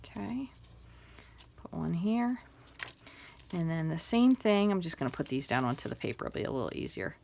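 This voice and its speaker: A woman giving a chatty, step-by-step crafting tutorial, explaining each move as she works and murmuring soft asides. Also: low voice, very animated, fairly quick, creaky, a little hiss or hum. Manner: chatty, step-by-step instructions with fillers. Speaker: craft demonstrator.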